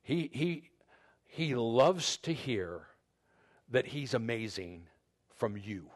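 A man's voice: medium pitch, big pitch swings, takes it slowly. A man preaching a conversational sermon, often repeating words and restarting sentences as he addresses the men and the women in turn. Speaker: pastor.

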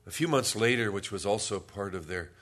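A man's voice: fairly low pitch, expressive, a little fast, fairly bright tone. A man preaching a sermon as pastor, telling a story and then reading scripture aloud with rising force.

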